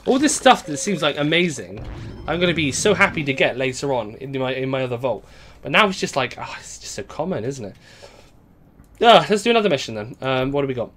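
A man's voice: mid-range voice, sing-song, a little fast, fairly bright tone. A young man casually commenting while he plays a game on a live stream, rambling and chatting to viewers. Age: young adult. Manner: rambling, chatty, reads out chat.

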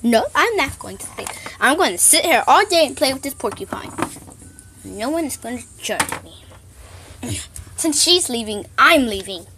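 A woman's voice: high voice, sing-song, moderate pace, background noise. A woman vlogger acting out casual, chatty doll scenes with frequent sighs. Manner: casual, sighing, chatty dialogue between toys.

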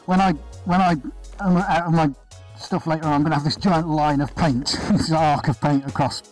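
A man's voice: a little high, steady tone, moderate pace, soft background music, low-quality recording. Chatty man hosting a live art stream. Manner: chatty, upbeat, greets viewers by name. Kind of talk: casual live-stream chat. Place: art studio, indoors. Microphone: body-worn chest camera.

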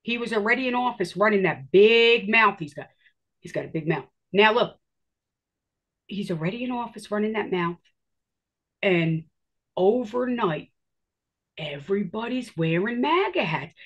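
A woman telling her own story in a casual, animated way, swearing freely and acting out her own reactions. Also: medium pitch, a little slow, long pauses, dull audio.

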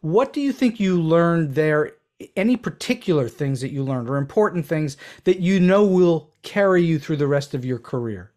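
A man's voice: on the high side, expressive, moderate pace, a little mellow. Man hosting a podcast interview. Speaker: podcast host.

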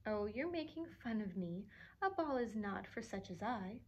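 A woman reading aloud and voicing Cinderella, a meek, gentle young girl who speaks in a soft, pleading way. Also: mid-range voice, expressive, moderate pace, husky, dull audio. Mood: humble.

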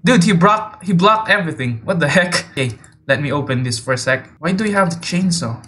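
A man giving jumpy, excitable gameplay commentary, teasing other players and often yelping and laughing. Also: a little high, fairly quick, slight background noise. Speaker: video game player. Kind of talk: let's play gameplay commentary.

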